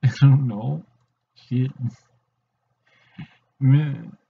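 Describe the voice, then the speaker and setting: A man's voice: medium pitch, steady tone, drawn-out words, gravelly, husky. A young man casually chatting on a live stream while building, muttering to himself. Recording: dull lo-fi stream audio.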